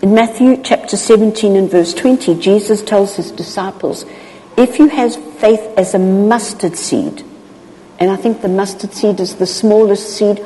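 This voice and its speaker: Expressive woman preacher in a hall. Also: medium pitch, normal speed, a little hiss or hum. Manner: expressive, acts out Bible voices. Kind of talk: sermon. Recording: long hall reverb.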